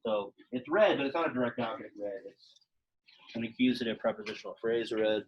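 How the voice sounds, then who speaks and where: A young man leads a Latin lesson in a casual, chatty way. His voice sits at an ordinary middle pitch for a man. He explains grammar loosely, with plenty of fillers. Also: moderate pace, dull audio, a little hiss or hum. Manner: chatty and informal, many fillers like "like" and "um". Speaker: Latin teacher. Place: classroom, also teaching online students.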